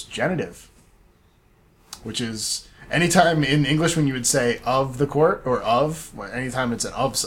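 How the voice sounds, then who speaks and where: A man co-hosting a relaxed podcast chat, set at an ordinary middle pitch. He explains at length and wanders from point to point, with plenty of ums and restarts. He talks in a loose, conversational way. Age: adult, studied Latin up to eleventh grade. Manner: chatty, digressive, explains at length with fillers and restarts. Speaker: podcast co-host. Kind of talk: casual chat.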